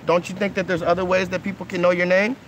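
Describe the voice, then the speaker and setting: High-pitched man, thirties, earnest coaxing tone, live-streaming by a pool on a phone, faint noise behind. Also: little pitch movement, fast talker, a bit bright. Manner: earnest, coaxing, keeps asking "okay?" and "right?". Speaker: livestream host. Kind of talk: casual live-stream talk with kids. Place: outdoors by a pool.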